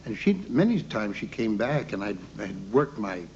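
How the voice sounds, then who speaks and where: A man's voice: fairly low pitch, sing-song, moderate pace, a little mellow. An older man telling rambling childhood stories in a conversational interview, full of fillers. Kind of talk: interview storytelling about childhood. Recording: dull lo-fi recording with faint background noise.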